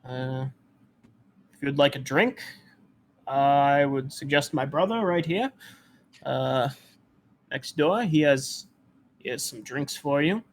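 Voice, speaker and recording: A man's voice: mid-range voice, takes it slowly, pauses often, a little hiss or hum, lightly acted. A man voicing a hospitable male shopkeeper who chats and stammers a little. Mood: welcoming. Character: friendly male shopkeeper in a small town.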